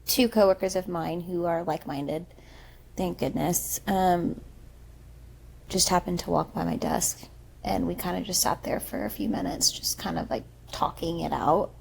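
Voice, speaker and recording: A young woman co-hosting a podcast, telling her story in an animated, emphatic casual chat. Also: on the low side, moderate pace, vocal fry, slight background noise. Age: young adult. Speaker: podcast co-host.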